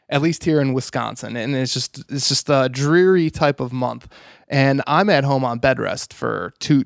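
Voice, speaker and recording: A man's voice: mid-range voice, gravelly, clean tone, dry recording, clean studio sound. A man, an interview guest, telling a personal story in an earnest, rambling way with many "you know"s.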